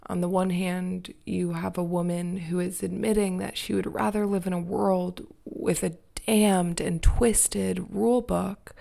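A woman giving measured, thoughtful commentary. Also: fairly low pitch, level tone, vocal fry, mellow. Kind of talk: reflective commentary.

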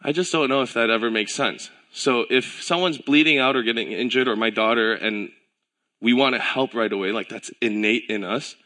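A man delivers a relaxed, conversational sermon, as if he were chatting with friends. His voice is bright and forward. He tells stories animatedly and slips into the voices of the people he quotes. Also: mid-range voice, normal speed. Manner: relaxed storytelling with filler words and self-corrections. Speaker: pastor.

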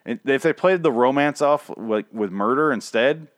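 A man's voice: medium pitch, moderate pace, no echo, studio quality. A man hosting his own podcast, recapping a show in a rambling, profane, joking way, his voice strained and shaky from singing days before. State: strained, recovering voice. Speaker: podcast host. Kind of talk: casual solo show recap.

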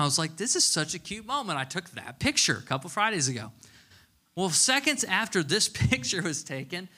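Pastor guy in his 30s doing a laid-back sermon, bright forceful voice, pitched a bit high, jokey storyteller. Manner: casual, chatty storytelling with playful humor. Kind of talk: conversational sermon.

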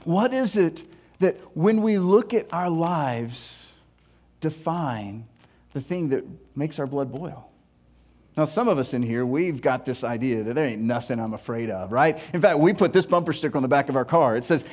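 A male pastor preaching a sermon in an animated, storytelling way, laughing at himself along the way. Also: high voice, moderate pace.

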